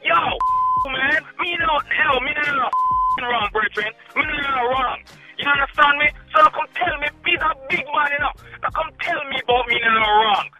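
A man with a Jamaican accent who talks in fast, fiery patois and a strikingly high voice. He sounds like a prank-call target arguing hard on the phone. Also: sharp tone, faint music behind, rough recording. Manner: fiery, rapid patois threats. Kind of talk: heated phone argument.

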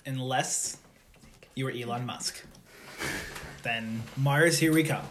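A man's voice: medium pitch, slow, fairly bright tone, a little hiss or hum. A young man hosting a casual podcast, rambling with lots of fillers and jokes. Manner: rambling, filler-heavy, joking. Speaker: podcast host.

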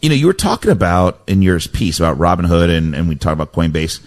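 A male radio host with a fairly low voice talks in a loose, rambling way, often restarting his sentences. He sounds like a relaxed studio chat about the markets. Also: fast talker. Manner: rambling, self-correcting, chatty. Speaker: radio host, stock advisor.

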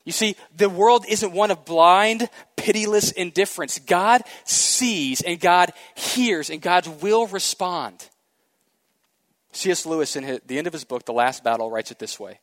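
A male pastor delivering a sermon with animated storytelling, swinging from hushed asides to loud emphatic peaks. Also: high-pitched, a little slow, no room sound. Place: church sanctuary.

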